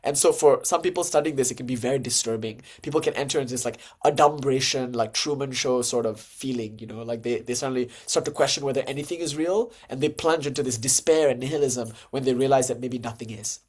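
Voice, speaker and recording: A man's voice: medium pitch, fast, few pauses. A man giving an informal lecture on Hindu philosophy. He talks in a conversational way, full of "like" and "you know" fillers. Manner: animated, jumps to lively acted-out dialogue.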